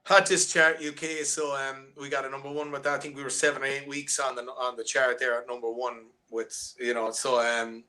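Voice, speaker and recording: A man's voice: mid-range voice, little pitch movement, a little fast, hardly any pauses, pushed and bright. A man with an Irish accent, a musician talking loosely in an interview over a video call, full of restarts and fillers. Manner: rambling, with many restarts and fillers. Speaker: musician guest. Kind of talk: casual interview chat.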